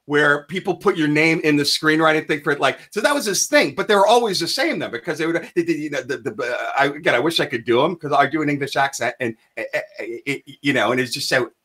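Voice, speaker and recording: A man co-hosting a casual recruiting talk show, excitable and teasing, often stumbling and restarting mid-sentence. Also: fairly high pitch, fast, hardly any pauses. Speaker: podcast co-host, recruiter. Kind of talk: casual chat.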